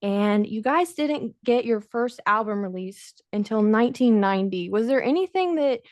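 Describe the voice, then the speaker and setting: A woman's voice: on the high side, expressive, moderate pace, darkish tone, no echo. A woman hosting a podcast interview, eagerly thanking her guest and asking long, talkative questions. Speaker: podcast host. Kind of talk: casual interview chat.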